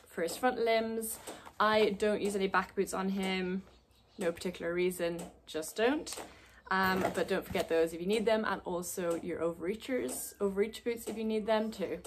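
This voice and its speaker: A woman's voice: mid-range voice, slight background noise. A young woman from Ireland with an Irish accent, giving a chatty, upbeat vlog walkthrough. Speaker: vlogger.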